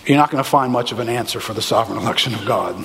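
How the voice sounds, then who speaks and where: In a large hall, a pastor with a medium-pitched voice preaches a sermon. His delivery is animated and emphatic, broken up by quick asides to the congregation.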